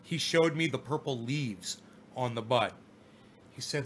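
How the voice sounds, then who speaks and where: A man's voice: mid-range voice, normal speed, a bit bright, breathy edge. A man rambling through a personal story in casual, profane talk, often repeating and restarting as he remembers. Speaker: vlogger telling a personal story.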